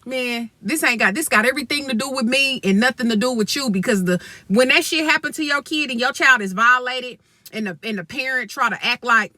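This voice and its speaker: A woman's voice: on the high side, brisk, pushed and bright, no echo. A young adult woman venting in an angry storytime vlog, blunt and profane, talking straight to her viewers. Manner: blunt, profane and heated, addresses viewers as y'all. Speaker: vlogger.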